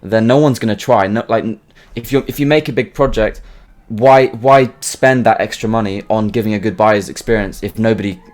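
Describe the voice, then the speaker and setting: A man speaking as a game creator guest in a casual podcast interview, talking haltingly with frequent restarts and repeated words. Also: on the low side, darkish tone.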